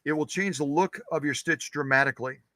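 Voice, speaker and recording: A man's voice: on the high side, a little fast, sharp tone, no room sound. A man hosting a sewing machine channel, demonstrating stitches in his workshop in a chatty, joking way. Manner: chatty, joking, talks to himself while working.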